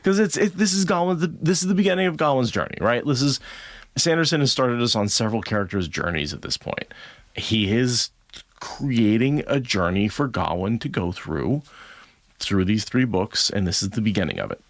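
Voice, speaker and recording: A man's voice: medium pitch, animated, moderate pace, no room sound, studio quality. A man co-hosting a book podcast, chatting playfully and laughing often, then reading passages aloud from a novel. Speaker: podcast co-host.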